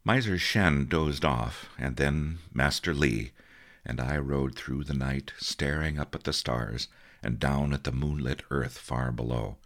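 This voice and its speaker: A man narrating a story in a measured, storytelling way. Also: extremely low pitch, fairly bright tone. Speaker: audiobook narrator. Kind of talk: scripted narration.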